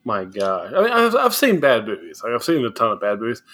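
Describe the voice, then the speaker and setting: A man's voice: mid-range voice, brisk. A man co-hosting a podcast in casual chat, with dry jokes and banter. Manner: dry, joking, lively delivery. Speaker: podcast co-host.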